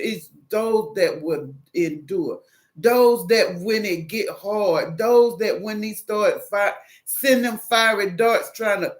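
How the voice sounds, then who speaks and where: A woman with a Southern US accent giving a casual devotional talk, animated and preachy, acting out phone calls as she goes. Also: mid-range voice. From American South. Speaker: Christian single encouraging viewers.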